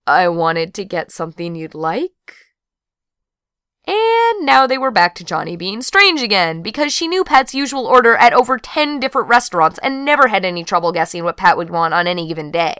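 A woman narrating an audiobook in an even storytelling read. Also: a little high, a little fast, hardly any pauses, smooth, no echo, clean studio sound. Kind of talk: scripted narration.

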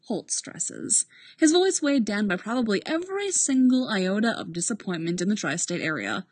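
A woman reading a story aloud with expressive narration. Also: mid-range voice, moderate pace, slightly rough, no room sound. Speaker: reader. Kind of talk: reading fan fiction aloud.

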